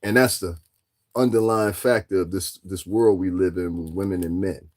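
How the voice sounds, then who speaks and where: A man's voice: sits low, fairly even intonation, moderate pace, darkish tone. A man giving casual commentary as a vlogger, talking straight to his listeners and firing off taunting rhetorical questions. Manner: addresses listeners directly.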